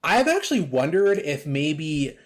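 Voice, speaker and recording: A man hosting a podcast, chatting casually and retelling a video game's ending in a rambling, animated way. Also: fairly high pitch, unhurried. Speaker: podcast host. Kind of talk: casual game discussion.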